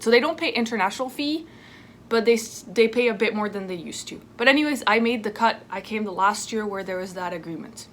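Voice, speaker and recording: A woman in her twenties from France, talking casually in a sit-down vlog at home, chatty and lively with asides. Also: on the high side. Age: 20s. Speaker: vlogger. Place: home indoors. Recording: faint dishwasher noise at home. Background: dishwasher noise.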